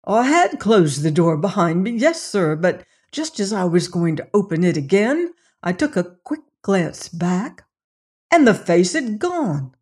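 A narrator voicing a frightened male servant who speaks in a shaky, halting, anxious way in an audiobook mystery. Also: high-pitched, sing-song, slightly rough, full character voice. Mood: nervous. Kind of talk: audiobook reading of a mystery novel.

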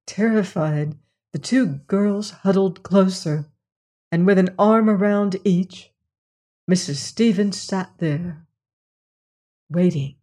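A woman reading a mystery novel aloud as the host, in a measured, unhurried storytelling manner. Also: mid-range voice, dark tone. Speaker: audiobook narrator and host. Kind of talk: scripted narration of a mystery novel.

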